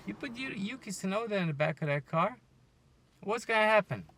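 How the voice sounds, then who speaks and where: A man hosting a casual solo podcast, ranting, joking and swearing, with loud outbursts. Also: high voice, lively intonation, a little fast, slight background noise. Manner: swearing, joking and heckling the listeners. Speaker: podcast host.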